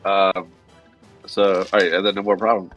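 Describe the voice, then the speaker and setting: A man's voice: sits low, level tone, moderate pace, fairly bright tone, lo-fi sound, soft background music. A man playing a tabletop game, joking and rambling with restarts. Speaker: player. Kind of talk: casual game talk over voice chat.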